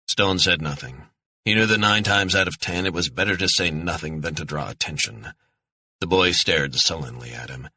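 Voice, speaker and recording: Low husky male thriller narrator. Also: pushed and bright, dry recording. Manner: grim, measured. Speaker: audiobook narrator.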